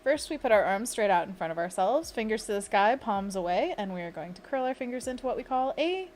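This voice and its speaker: A woman's voice: mid-range voice, big pitch swings, a little fast, darkish tone, slight background noise. Chatty woman hosting a livestream. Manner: chatty, giggly, leads viewers through a stretch. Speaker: livestream host. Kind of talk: casual livestream chat.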